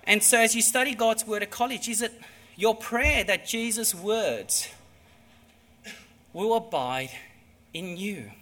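A man preaching a sermon with emphatic delivery that moves between hushed and loud. His voice sits high and has a very bright, sharp edge. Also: takes it slowly, long pauses.

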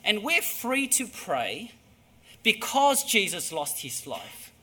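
A man preaching a sermon, emphatic, moving between hushed and loud delivery. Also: sits high, sing-song, slow pace.

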